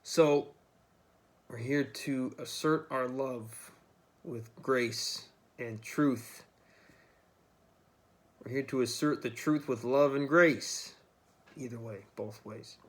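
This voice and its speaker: A man's voice: mid-range voice, slow, long pauses. Casual, profane man rambling to camera. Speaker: vlogger.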